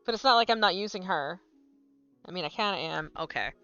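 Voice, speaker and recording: A woman streaming a video game, chatting casually into a desk mic, swearing freely and swinging between low mutters and loud excited yelps. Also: fairly quick, clear, resonant tone, highs cut off, soft background music. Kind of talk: casual gameplay stream chat.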